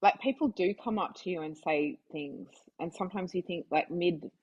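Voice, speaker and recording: An Australian woman talking as a guest on a casual podcast. Her voice is low for a woman and husky, with a breathy edge. She rambles in a chatty way and fills her talk with asides. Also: normal speed, darkish tone, muffled recording. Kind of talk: casual chat.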